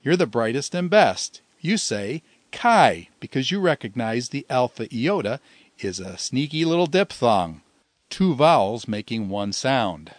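A man's voice: mid-range voice, big pitch swings, dry recording. Patient man teaching, dry close sound. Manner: patient, slows down to sound out example words. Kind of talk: recorded language lesson.

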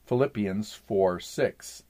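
A man reading an old sermon aloud in a measured, formal way, saying "quote" and "end quote" around scripture passages. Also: on the low side, warm tone.

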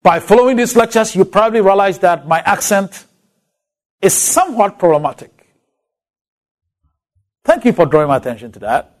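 A man with a Ghanaian accent gives a Bible lecture in a fairly high voice. His pitch rises and falls widely as he lays heavy, drawn-out stress on key words. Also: sing-song. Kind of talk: recorded lecture.

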